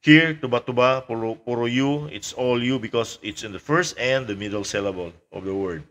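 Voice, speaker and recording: Male language teacher, mid-pitched voice, casual lecture pace, repeats words as he explains. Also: a bit bright. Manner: explains slowly with fillers, repeats example words.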